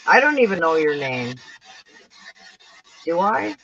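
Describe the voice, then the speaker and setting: A woman's voice: fairly low pitch, sing-song, slow pace, a bit bright, dull audio. A Canadian woman hosting a paranormal livestream from home, chatting casually with viewers in the chat. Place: at home, indoors.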